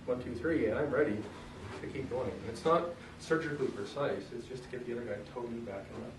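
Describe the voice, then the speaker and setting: A man coaching strikes in a loose, joking, hands-on way, stopping now and then to clear his throat. His voice comes from well away from the mic, bouncing around a roomy space, with a faint hum of ambience behind him. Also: medium pitch, quick pace, recorded from a distance. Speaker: self-defense instructor. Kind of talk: casual demonstration lesson.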